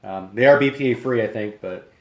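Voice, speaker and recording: A man's voice: fairly low pitch, brisk, a little mellow, roomy sound. A young man chatting casually with his live-stream viewers from his home kitchen, rambling and friendly, sometimes talking with his mouth full.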